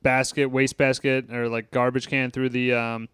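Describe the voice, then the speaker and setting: A man's voice: medium pitch, level tone, moderate pace, a bit bright, clear, resonant tone, dry recording. A man co-hosting a casual movie review podcast, quoting lines in mock British voices and swearing casually. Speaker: podcast co-host.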